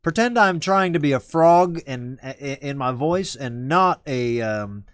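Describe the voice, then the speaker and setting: A man's voice: a little high, lively intonation, measured pace, no room sound, clean studio sound. A man hosting a casual live stream, rambling and correcting himself as he talks. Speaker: show host.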